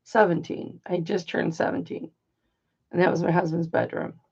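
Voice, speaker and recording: A woman's voice: lowish voice, flat delivery, moderate pace, creaky, darkish tone, breathy edge. An older woman telling a rambling personal story in a chatty, casual way, full of asides, on dull lo-fi audio. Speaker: live auction host.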